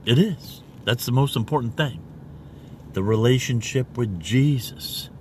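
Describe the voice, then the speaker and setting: A man records himself preaching in a loose, rambling way, stopping after nearly every point to ask "okay?". He talks slowly and now and then spells words out one letter at a time. Faint vehicle noise hums behind him. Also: medium pitch. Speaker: self-made online preacher. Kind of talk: casual video review and preaching.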